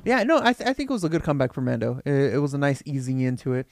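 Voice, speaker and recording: A young man in casual chat, quick and rambling, often correcting himself. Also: mid-range voice, very animated, no echo, clean studio sound.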